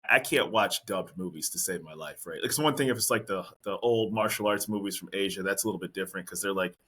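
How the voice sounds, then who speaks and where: A man's voice: deep voice, bright, forceful tone, breathy edge. A man hosting a casual podcast interview, chatty and rambling with a respectful tone. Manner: chatty, rambling, respectful, quick agreeing fillers. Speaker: podcast host.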